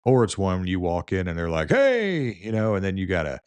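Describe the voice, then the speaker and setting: Low-voiced man telling nurse stories. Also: fast talker, darkish tone, smooth, no echo. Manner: rambling, with many fillers and restarts. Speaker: nurse and video host. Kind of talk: casual storytelling.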